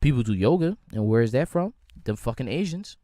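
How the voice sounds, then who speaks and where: The young American host rants solo on his podcast in an expressive, mid-range voice with a dark tone, talking a little fast. It's studio-quality audio without echo, and he rambles casually, using slang and swearing a lot.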